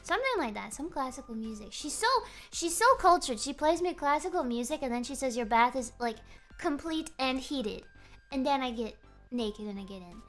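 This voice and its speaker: Woman, high voice, swooping pitch, joking rambling chat, faint music behind. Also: brisk. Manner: animated, joking, rambling storyteller. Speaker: VTuber streamer. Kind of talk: casual chat stream.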